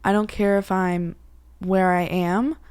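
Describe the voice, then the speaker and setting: A woman's voice: medium pitch, flat delivery, slow pace, darkish tone, smooth, no echo. A young woman co-hosting a casual chat with her mother, chatty and playful, with frequent "like" fillers. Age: young adult. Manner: chatty, uses 'like' a lot, playful. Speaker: co-host, daughter.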